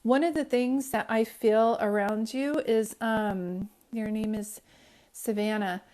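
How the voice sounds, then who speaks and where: A woman's voice: a little high, fairly even intonation, takes it slowly, dark tone. Chatty, emotional woman psychic medium. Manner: chatty, keeps checking in with listeners; emotional, near tears at times. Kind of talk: live-streamed psychic reading. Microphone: phone livestream.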